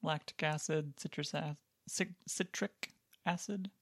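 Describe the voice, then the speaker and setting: A podcast co-host chats along in a loose, rambling way, full of hedges and little asides, with a deadpan streak. The voice has a gravelly fry to it. The sound is dry and close, with no room around it. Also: mid-range voice, a little slow, no room sound. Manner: rambling, hedging, filler-heavy. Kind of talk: casual chat.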